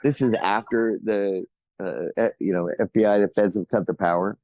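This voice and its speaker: A man's voice: fairly low pitch, steady tone, moderate pace, darkish tone, dry recording, low-quality recording. A man, an actor as podcast guest, telling stories in casual chat with frequent chuckles. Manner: laid-back storytelling, chuckles often.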